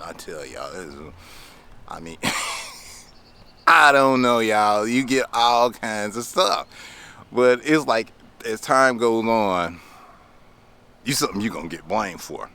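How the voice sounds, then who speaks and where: A man talks straight to his viewers, loose and chatty, chuckling as he goes. His voice is bright and forceful, at a middle pitch. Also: gravelly. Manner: chatty, laughing, addresses viewers as y'all. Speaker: lawn care business owner. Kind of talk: casual storytelling vlog.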